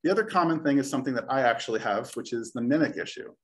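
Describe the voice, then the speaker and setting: A man's voice: medium pitch, lively intonation, rapid-fire. A young man giving a friendly, reassuring talk on public speaking, sometimes joking at his own expense. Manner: friendly, reassuring, occasionally self-deprecating. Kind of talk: recorded talk.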